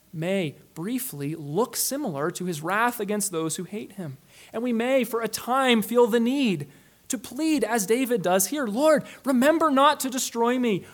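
A male pastor preaches earnestly and emphatically, swinging from loud stresses to quiet, low drops and slowing down on key phrases.

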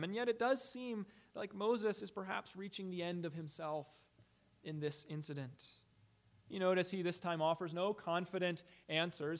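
Male preacher, high voice, measured and deliberate, rhetorical questions, stretched-out words for emphasis. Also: a bit bright. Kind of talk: expository sermon.

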